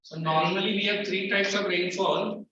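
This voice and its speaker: A man's voice: sits high, steady tone, moderate pace, bright, forceful tone. A man with an Indian English accent teaching a class, mixing English with Hindi and firm with students, recorded from a distance in a classroom. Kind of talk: classroom lecture. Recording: echoey, distant, muffled classroom recording with faint noise.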